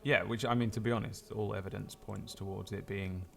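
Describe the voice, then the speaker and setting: Low-voiced male game master. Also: fairly quick, gravelly, a little hiss or hum. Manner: relaxed, rambling with fillers. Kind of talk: narrating a tabletop game.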